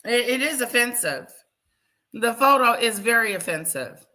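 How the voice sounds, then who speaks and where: A woman hosting a casual live stream, talking loudly and chatting with her viewers by name. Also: fairly high pitch, lively intonation, moderate pace, rough recording. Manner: loud, talks to chat viewers by name.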